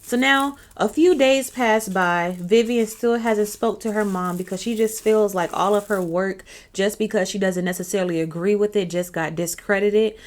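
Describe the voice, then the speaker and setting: A woman spins a long story for her channel in a loose, conversational voice, often stopping to check that the listener is following. Her pitch sits in a middle range, neither high nor low. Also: moderate pace, hardly any pauses. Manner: chatty, keeps checking in with the listener. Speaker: channel host. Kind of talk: casual storytime narration.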